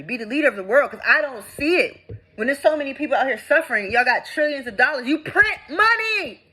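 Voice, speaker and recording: A young woman and veteran, ranting with indignation in a vlog, swinging between loud outbursts and low mutters. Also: breathy edge, rough recording. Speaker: veteran vlogger. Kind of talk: impassioned vlog rant.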